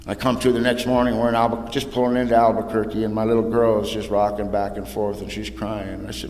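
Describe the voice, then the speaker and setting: Lower-voiced man telling his story in an echoey hall. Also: little pitch movement, moderate pace. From Southern California. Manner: humorous storytelling, drops soft and low for painful parts; casual southern-tinged slang, "ain't", "y'all". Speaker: recovery meeting speaker. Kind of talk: personal testimony talk. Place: hall with audience at a podium. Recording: echoey hall, faint room noise.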